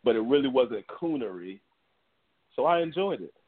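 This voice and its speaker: Male podcast co-host, husky, slangy storyteller, phone-like audio. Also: medium pitch, very animated, moderate pace. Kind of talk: casual chat. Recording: husky voice on a tinny phone-like line.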